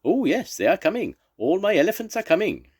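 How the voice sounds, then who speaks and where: A grandfather voicing an excitable, gentle male circus elephant keeper who speaks in quaint, formal phrases. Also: high-pitched, fairly quick, husky, voice pushed up, exaggerated voice. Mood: excited.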